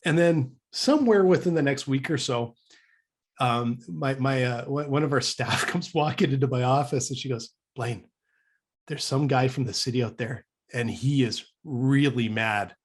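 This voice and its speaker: Canadian guy on a podcast, husky voice, spins a yarn, acts out the quotes, stumbles and restarts a lot. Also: mid-range voice, normal speed. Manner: animated storyteller who acts out quoted dialogue; frequent restarts and stammered repeats. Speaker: podcast co-host. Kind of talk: casual storytelling chat.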